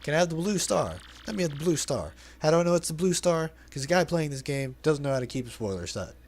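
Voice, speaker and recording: A man's voice: fairly high pitch, expressive, quick pace, darkish tone. A man giving casual, jokey asides while playing and dubbing a video game. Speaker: let's play commentator. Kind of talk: casual gameplay commentary.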